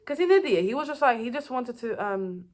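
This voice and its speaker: A woman's voice: a little high, expressive, fast talker. Rambling woman recapping a show. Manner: rambling, loose, many fillers and restarts. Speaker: TV show reviewer. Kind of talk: casual episode recap.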